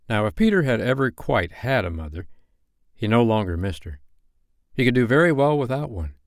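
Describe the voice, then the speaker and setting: A man reading a bedtime story aloud as a storyteller, with an expressive, animated delivery. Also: medium pitch, moderate pace, no room sound, clean studio sound.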